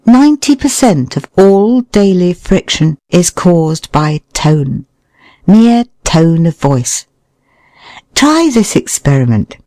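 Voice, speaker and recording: Audiobook narrator for a nonfiction read: unhurried, with a lively, rising and falling delivery in a close, dry recording. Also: medium pitch, dry recording. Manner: measured, expressive reading that voices short quoted remarks. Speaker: audiobook reader. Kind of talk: scripted narration of a nonfiction book.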